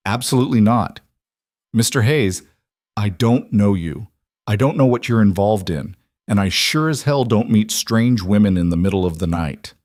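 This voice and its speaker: A weary, protective single dad, blunt and guarded, as a male narrator plays him. The voice sits low and the read is close and dry. It comes across as a plain audiobook character voice. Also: animated, normal speed, darkish tone, no room sound, close to an everyday voice. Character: tired, protective single father and mechanic.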